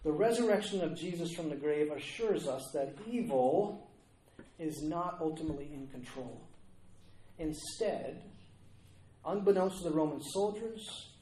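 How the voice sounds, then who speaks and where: An earnest male preacher delivering a sermon, pressing the congregation with repeated rhetorical questions. His voice sits a little high for a man. It rings out in a roomy church hall. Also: lively intonation, a little slow, mellow, a little hiss or hum.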